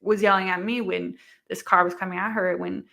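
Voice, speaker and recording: A young woman speaks as an interview guest, her voice bright and forward. She tells her story in a loose, rambling way, packing it with "like" and acted-out quotes from the people involved. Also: medium pitch, steady tone, fairly quick, vocal fry. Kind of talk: candid casual interview.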